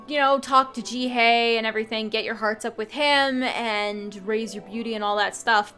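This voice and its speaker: A woman's voice: on the high side, pushed and bright. A woman hosting a game channel, reviewing a game ending in a casual, chatty way with lots of fillers.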